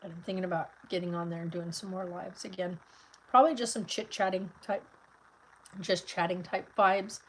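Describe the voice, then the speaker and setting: A woman's voice: on the low side, steady tone, moderate pace, slight background noise, rough recording. A middle-aged woman vlogging in a casual, rambling chat, tired and full of fillers, talking from a car.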